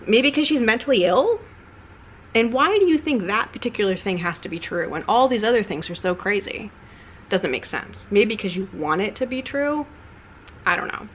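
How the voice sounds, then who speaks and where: A woman's voice: mid-range voice, animated, normal speed, fairly bright tone, slight background noise. A woman YouTuber talking candidly and a bit ramblingly in a personal vlog, her tone subdued and confessional.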